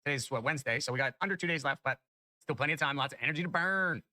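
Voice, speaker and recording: A man giving chatty, excitable commentary over his own gameplay, jumping up in pitch when good loot drops. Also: very fast, no echo, rough recording. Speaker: gaming YouTuber. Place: home room.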